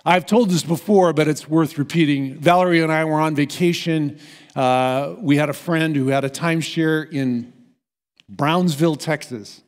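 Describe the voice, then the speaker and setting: An American pastor preaches a sermon in a church sanctuary, his voice a little high and his pace moderate. He tells a story in an earnest, emphatic way, and the recording carries the long reverb of a church hall.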